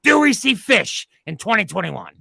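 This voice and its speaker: A man's voice: high voice, very animated, moderate pace, vocal fry, slightly rough, dry recording, full character voice. A man playing a brash, blustering host of a mock news panel in a comedy sketch, on a video call. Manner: loud, blustering, pushy.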